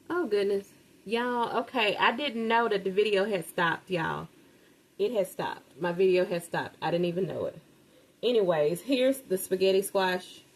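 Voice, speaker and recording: A middle-aged home cook vlogger with a medium-pitched voice chats casually to viewers while cooking in her kitchen, calling them "y'all" and exclaiming over the food. The audio is poor, with sizzling and frying noise in the background.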